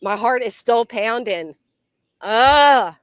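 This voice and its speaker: A woman's voice: a little high, expressive, takes it slowly, no room sound. A woman hosting a casual commentary livestream outdoors by a tree, jumpy and swearing a lot as she talks to her chat.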